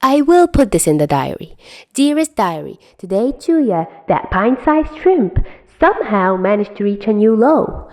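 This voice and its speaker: A woman's voice: fairly low pitch, sing-song, normal speed, darkish tone, no room sound. Woman doing a mocking, teasing young man. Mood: taunting. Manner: mocking, sing-song taunting.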